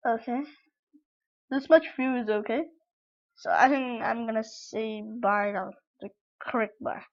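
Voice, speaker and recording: High-voiced young female vlogger, rambling. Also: steady tone, a little slow, muffled recording. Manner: rambling, self-correcting. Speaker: tutorial vlogger. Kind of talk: casual tutorial narration.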